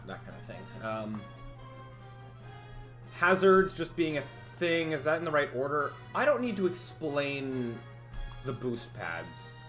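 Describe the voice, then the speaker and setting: A man's voice: fairly high pitch, sing-song, slow pace, a bit bright, soft background music. A man livestreaming as a game developer, rambling and thinking aloud in casual chat, often laughing at himself.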